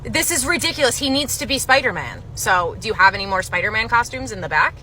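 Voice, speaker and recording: A woman's voice: a little high, lively intonation, fast talker, bright, forceful tone, a little hiss or hum. A woman playing a frantic, demanding mother who whines and complains in a comedy skit. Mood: upset. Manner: upset, whiny, demanding.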